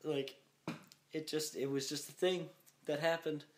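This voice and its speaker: A man's voice: fairly high pitch, fairly even intonation, measured pace. A young man co-hosting a podcast in casual chat, rambling and laughing often. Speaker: podcast co-host. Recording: echoey room, faint noise.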